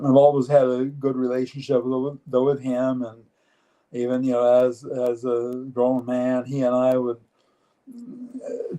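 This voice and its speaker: Older male interview guest, 70s, mellow dark tone, earnest and plain-spoken, halting phrasing. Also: medium pitch, low-quality recording. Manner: earnest, matter-of-fact, halting with frequent restarts. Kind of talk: live-streamed personal interview.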